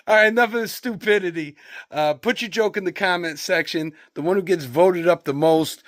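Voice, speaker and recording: In a clean studio recording with no room sound, a high-voiced man speaking a little fast presents his used and antiquarian book finds. Weary from long days, he keeps this show-and-tell vlog chatty and relaxed, reading off titles.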